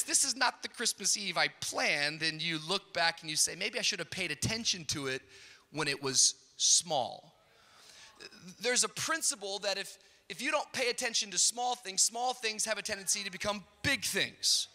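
A middle-aged man preaching a sermon, telling a funny story in a storyteller's way and building up to shouted peaks. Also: high voice, lively intonation, moderate pace. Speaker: pastor. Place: large church auditorium. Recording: hall reverb.

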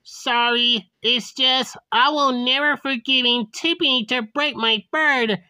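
A woman voicing a grieving, quick-tempered teenage girl student who shouts shrilly. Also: sits high, fairly even intonation, clean tone, no echo, pitched above the performer's own voice, exaggerated voice. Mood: upset.

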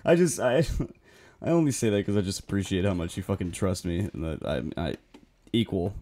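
A man's voice: low-pitched, expressive, normal speed, warm tone. Laughing, swearing young male streamer. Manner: laughing, swearing, joking with teammates. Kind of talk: casual gaming commentary.

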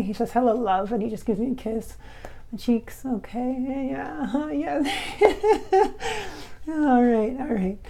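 A chatty, giggly woman with slightly blurred S sounds from clear braces, talking casually to camera from home as a medium. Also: mid-range voice, darkish tone. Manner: chatty and giggly, many fillers and restarts. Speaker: spiritual medium and channel host.

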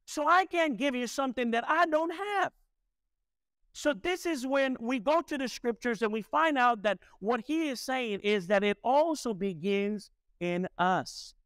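A man's voice: very high-pitched, unhurried, a bit bright, smooth, no echo, clean studio sound. A man delivering a sermon as pastor, preaching emphatically and asking the congregation rhetorical questions.

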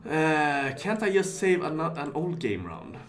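A man commentating his own live stream. He thinks out loud, reads chat messages and jumps from mutters to shouts of excitement. His pitch swings widely and lively. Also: takes it slowly. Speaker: casino streamer.

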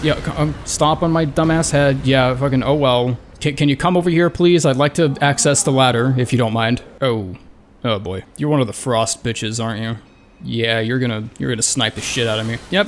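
A young man narrating his own game run in loose, unscripted commentary, swearing freely and mocking the enemies he meets. His voice sits at an ordinary middle pitch, and he trips over his words in quick restarts. A faint hiss stays underneath the whole time. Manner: profane, sarcastic, talks to enemies, frequent stammered restarts. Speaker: gaming YouTuber. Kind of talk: casual gameplay commentary.

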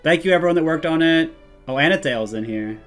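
A man streaming a live reaction to a video, playful and prone to bursts of loud hype yelling. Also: fairly high pitch, lively intonation, fast talker, faint music behind.

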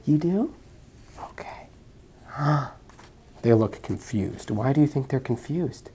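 A woman's voice: a bass voice, slow, slight background noise. A woman in her thirties reading a picture book aloud to her young son, stopping often to ask him questions. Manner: animated, asks the child lots of questions. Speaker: physician reading to her child.

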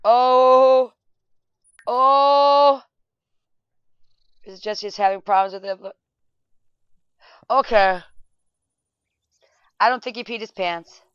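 A woman casually commenting on a life-sim game, excitable, laughing and shouting at the screen. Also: mid-range voice, measured pace, pauses often, clear, resonant tone, dry recording, lo-fi sound. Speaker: gameplay video host.

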